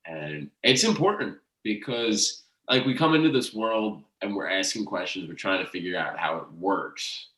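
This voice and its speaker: A very low-voiced man talks through a casual podcast chat in a slow, halting manner, often restarting his sentences. He sits back from the mic in a room with a noticeable echo. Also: expressive, pushed and bright. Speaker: podcast host. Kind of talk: casual conversation. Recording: echoey room, distant from the mic.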